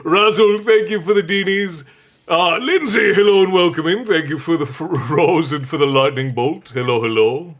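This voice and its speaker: A man's voice: on the high side, normal speed, a bit bright. Chatty man hosting a livestream. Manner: chatty, laughs often, reads out viewer messages. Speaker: livestream host. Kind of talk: casual livestream chat.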